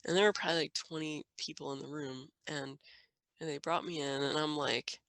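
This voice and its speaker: A woman's voice: deep voice, fairly even intonation, a little fast, a bit bright, dry recording. A woman telling her own story on a podcast, casual and chatty with lots of fillers. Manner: chatty, frequent fillers and laughter. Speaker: podcast guest, mother.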